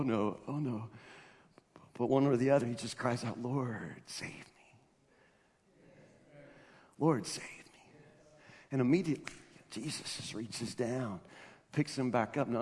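A pastor with a mid-range voice preaches a sermon in a reverberant hall. He speaks conversationally, with laughing asides and stammered restarts, building to loud, emphatic passages.

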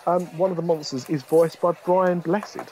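A man's voice: sits high, fairly even intonation, normal speed, a little mellow. A young man co-hosting a podcast, talking casually and rambling a little, with plenty of hesitant fillers. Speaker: podcast co-host. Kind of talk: casual chat.

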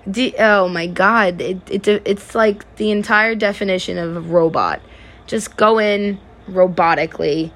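Profane, laughing woman podcast host. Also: on the low side. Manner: profane, candid storytelling with frequent loud laughs. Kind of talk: casual monologue.

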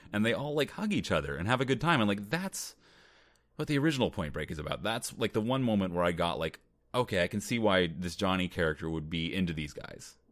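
Young male podcast co-host, low voice, dry close mic, wry casual delivery. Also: dry recording. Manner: wry, laughs while recapping scenes. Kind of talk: casual movie-review chat.

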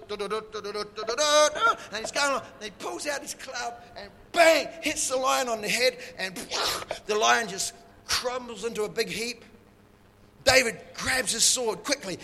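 A high-voiced man preaching with bright, forceful energy, acting out a story with playful sound effects. His voice rings in a large hall with a long echo and faint ambience behind. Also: slight background noise. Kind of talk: animated sermon storytelling.

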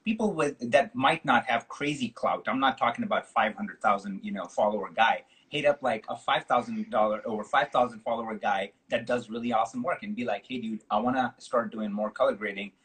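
A man's voice: mid-range voice, a little fast, hardly any pauses, a bit bright, poor audio. A man hosting a casual interview, talking with energy and plenty of slang, often calling people dude. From Chicago. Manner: enthusiastic, slangy, says dude a lot. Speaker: podcast host.

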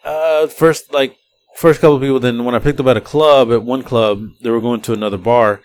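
Man, podcast host, rambling animated storyteller, laughs a lot. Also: mid-range voice, brisk, clean tone. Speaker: podcast host and Uber driver.

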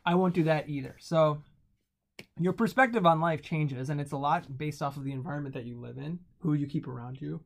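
A man's voice: on the high side, fairly quick, creaky. A man around thirty telling a personal story in a casual conversation, checking in with the listener often. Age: late 20s to 30s. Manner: relaxed, anecdotal, uses "right?" often.

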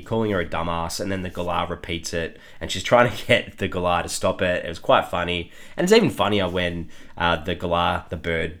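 A man's voice: low voice, fairly bright tone. An Australian man hosting a podcast, chatting casually through an episode review with frequent chuckles and fillers. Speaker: podcast host.

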